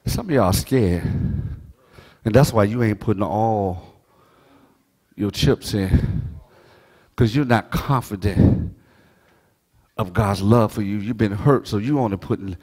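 A middle-aged man preaching a sermon, swinging from soft asides to shouted, half-sung phrases. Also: fairly low pitch, takes it slowly, pauses often. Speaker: pastor.

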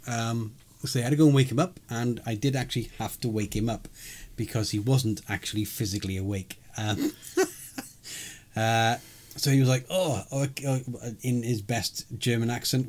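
A man's voice: mid-range voice, fairly even intonation, normal speed, darkish tone. A man co-hosting a podcast, recapping a live role-play event in casual chat, rambling and chuckling with many fillers. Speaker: podcast co-host.

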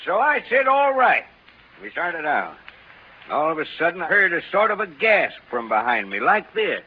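A man's voice: a little high, sing-song, normal speed, slightly rough. An actor playing a long-winded, folksy middle-aged father in a 1930s radio drama. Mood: rambling. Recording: dull old radio broadcast, faint hiss.

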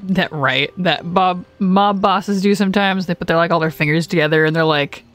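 Low-voiced, easygoing woman co-host, jokey, soft game music behind. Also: normal speed. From US West Coast. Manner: laid-back, jokey, reads game lines in goofy voices. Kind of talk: casual let's-play chat.

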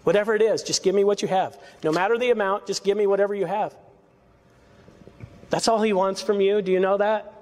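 Pastor guy preaching in a church, kinda high voice, chatty and a bit sarcastic, big hall echo. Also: steady tone, a little fast, darkish tone. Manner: conversational, sarcastic asides, frequent laughs. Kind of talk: expository sermon. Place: church sanctuary. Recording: hall reverb.

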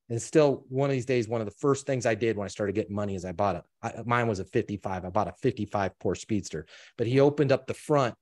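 A man spinning a personal story as an interview guest. He talks with animation, acts out the people he quotes and doubles back on his words often. His voice sits at an ordinary middle pitch. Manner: animated storyteller, quotes others, many restarts. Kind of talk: storytelling in conversation.

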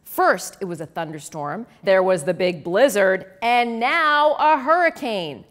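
Woman, children's read-aloud, expressive, very animated pitch. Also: a little slow. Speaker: author reading her picture book.

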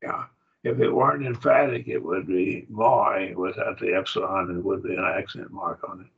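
Gravelly, husky Oklahoman man teaching. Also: low-pitched, fairly even intonation, moderate pace, narrow, tinny audio. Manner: conversational, quizzing students. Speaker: Bible class teacher. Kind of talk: teaching a college-level Bible class.

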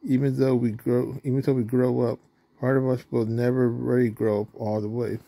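Gravelly man reading a storybook. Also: medium pitch, little pitch movement, normal speed, mellow. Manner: plain reading, with slips and restarts. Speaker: storybook reader. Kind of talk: reading a children's storybook aloud.

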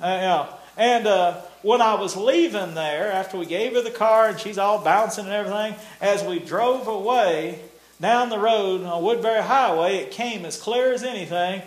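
This older man, a preacher, has a high voice and a moderate pace. He tells a folksy sermon testimony with laughter and nonstandard grammar, recorded in an echoey room.

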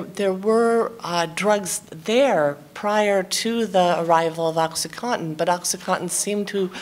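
A woman speaking in an academic panel discussion, earnest and restarting her sentences often. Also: lowish voice. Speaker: seminar speaker.

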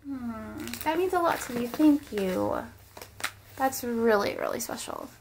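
A young American woman from the Midwest gushes over gifts in a casual home vlog, her voice high and her talk unhurried. She coos at her dolls and exclaims at every find. A faint hiss sits under the recording. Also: creaky. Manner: gushing, excitable, talks to her dolls. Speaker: vlogger opening fan mail.

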